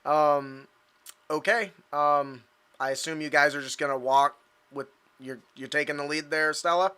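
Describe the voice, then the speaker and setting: Guy running a tabletop game, really bright clear voice, lots of ums, kinda higher pitched. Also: fairly even intonation. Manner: casual, halting with many ums. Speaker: game master.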